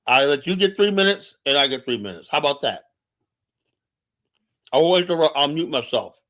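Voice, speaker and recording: A man's voice: on the high side, big pitch swings, normal speed, fairly bright tone. Combative, profane male livestream host. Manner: combative, profane, repeats phrases; challenges viewers directly. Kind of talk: heated political commentary monologue.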